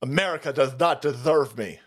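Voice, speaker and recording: A man's voice: medium pitch, normal speed, husky. A man hosting a livestream, ranting crudely and mockingly about the news and reading chat messages aloud. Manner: crude, mocking, puts on voices for quotes. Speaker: livestream host. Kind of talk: profane political rant stream.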